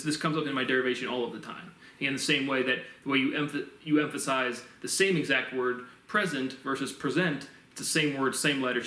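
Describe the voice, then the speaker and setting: A man's voice: medium pitch, fairly bright tone, recorded from a distance. Rambling man, roomy off-mic sound. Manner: meandering, restarts often, muses aloud with sound effects. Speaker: self-published theorist explaining his framework. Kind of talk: rambling solo monologue.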